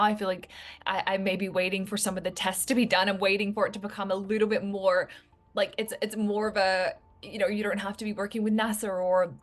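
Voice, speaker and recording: A woman talking to her viewers in a heartfelt, reflective way, full of casual fillers. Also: lowish voice. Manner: earnest, reflective, many fillers like "like". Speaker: vlogger. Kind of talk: heartfelt personal talk to camera.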